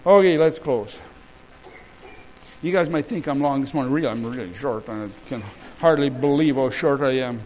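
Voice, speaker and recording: A man's voice: on the high side, normal speed, darkish tone, rough recording. A man preaching a sermon as pastor, with impassioned repeated declarations and a casual storytelling turn.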